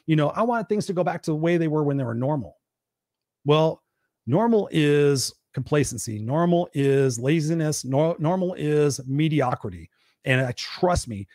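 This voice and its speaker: A man's voice: a little mellow, no room sound, studio quality. A tired man hosting a live stream, giving a preachy motivational talk and answering his own questions. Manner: acts out whiny quoted complaints in a high voice. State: tired and burned out. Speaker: host of a weekly live stream; parent.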